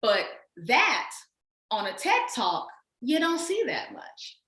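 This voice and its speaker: A woman with a Southern drawl chats about her book in a lively, emphatic way. Her voice sits a little high and rings bright. The sound is roomy and echoey. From Texas, USA. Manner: lively, emphatic, quick to laugh. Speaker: author. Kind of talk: casual conversation.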